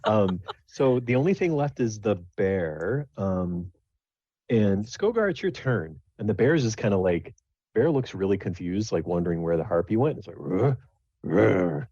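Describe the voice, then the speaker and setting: Deep, husky game master man. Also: sing-song, normal speed, dark tone, no echo, muffled recording. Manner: rambling, filler-heavy. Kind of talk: narrating a tabletop game.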